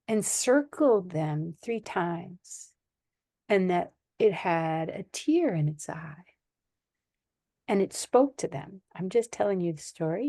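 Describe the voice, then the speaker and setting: A woman from the United States, a podcast guest telling animated anecdotes in conversation and laughing often. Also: lowish voice, gravelly, slightly rough, no room sound, studio quality. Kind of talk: conversational storytelling.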